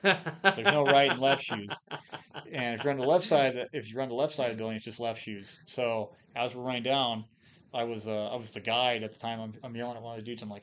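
A former Marine from Idaho, appearing as a podcast guest, tells casual stories fast in a medium-pitched, fairly bright voice with fairly even intonation. He rambles and swears, packing his talk with fillers and restarts.

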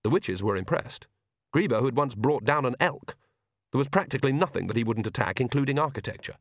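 A man narrates an audiobook in a wry, measured way. His mid-height voice moves freely up and down. The recording is close and dry. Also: medium pitch, lively intonation, no room sound.

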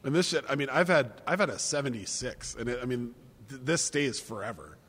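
A man's voice: medium pitch, expressive, brisk, a bit bright, slightly rough. Swearing, rambling man in a reverberant room. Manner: rambling, profane, laughs easily. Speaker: podcast co-host. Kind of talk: casual wine-tasting chat. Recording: long reverb.

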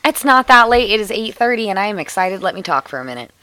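A woman co-hosting a podcast in casual chat, chatty and excitable, laughing often as she talks. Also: medium pitch, fast talker, no echo. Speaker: podcast co-host. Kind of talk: casual chat, reading a listener email.

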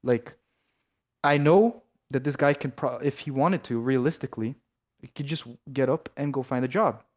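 A man's voice: medium pitch, normal speed. A young man from Canada, co-hosting a podcast in casual chat, rambling and swearing with lots of restarts. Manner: rambling, loose, swears a lot, many restarts. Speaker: podcast co-host.

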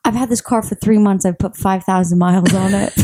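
A young woman, co-hosting a casual podcast and telling stories with lively acted-out quotes. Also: medium pitch, normal speed, no room sound. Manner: animated storytelling, acts out quotes. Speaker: podcast co-host. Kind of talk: casual chat.

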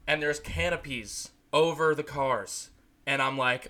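A man's voice: on the high side, steady tone, unhurried, pushed and bright. A young American man co-hosting a podcast, telling a rambling, profane story in casual sports chat. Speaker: podcast co-host.

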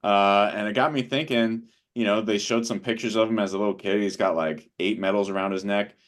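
A man's voice: fairly low pitch, fairly even intonation, brisk. A man co-hosting a casual podcast chat, rambling with many fillers. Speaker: podcast co-host.

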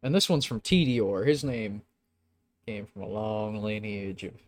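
A young man acting as game master narrates a tabletop game in a lowish, unhurried voice. He's casual and laughing, swears often and puts on silly shopkeeper voices.

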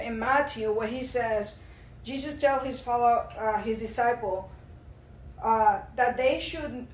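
A woman with a fairly high voice gives an earnest, impassioned testimony in a church hall. She is picked up from some distance, so the sound is roomy and echoing. A faint hum sits underneath. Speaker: church speaker. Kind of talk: sermon-style testimony.

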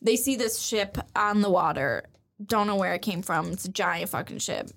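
A woman's voice: medium pitch, expressive, normal speed, vocal fry, fairly bright tone. Rambling, swearing young woman. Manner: rambling, swears a lot, acts out characters' lines. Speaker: podcast co-host. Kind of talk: casual chat, retelling an anime episode.

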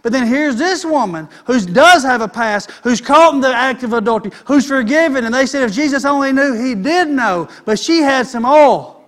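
Brief: male preacher, very high voice, folksy sermon delivery. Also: expressive, normal speed, few pauses, a bit bright. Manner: folksy, conversational preaching with vernacular.

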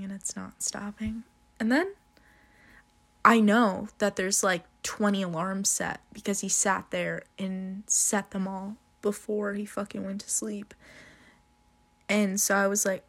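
A young woman telling a casual, profanity-laced story, laughing often as she talks. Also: medium pitch. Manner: slow, drawn-out delivery with frequent swearing and laughter.

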